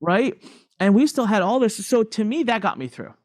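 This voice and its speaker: A middle-aged man, a podcast guest, telling his story candidly in an emphatic, animated way and repeating phrases for emphasis. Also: high voice, normal speed, dry recording, studio quality.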